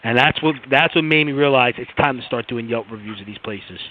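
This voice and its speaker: A man's voice: medium pitch, brisk, a little hiss or hum. A man hosting a podcast, telling a heated story in a casual, profane rant, often repeating his words. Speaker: podcast host. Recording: tinny phone-like sound.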